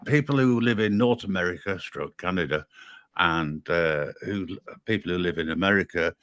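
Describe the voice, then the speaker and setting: Man, very low pitch, dry sound; wry chatter on a group call. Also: moderate pace, a bit bright, no echo. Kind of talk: casual group chat.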